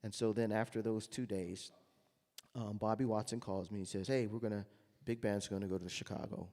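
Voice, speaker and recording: A man's voice: lowish voice, steady tone, a little fast, in a large hall. A man, a jazz trumpeter, telling anecdotes to an audience and acting out the voices he quotes. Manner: storytelling, acts out quoted voices loudly.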